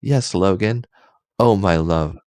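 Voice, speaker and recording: A man doing a soft, lovestruck hero. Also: deep voice, slow pace, no room sound, clean studio sound, voice pushed up. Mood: tender.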